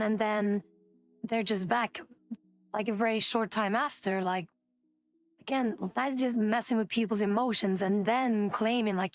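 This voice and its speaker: A woman's voice: medium pitch, fairly even intonation, unhurried, no echo, faint music behind. A woman streamer chatting casually, indignant and rambling, swearing often. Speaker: VTuber streamer.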